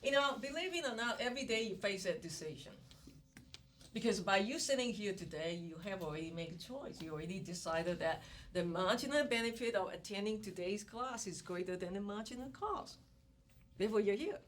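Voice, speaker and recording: A woman instructor giving an economics lecture in a classroom, animated and repeating key words as she coaxes her students. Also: mid-range voice, a little fast. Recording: distant classroom recording with background noise.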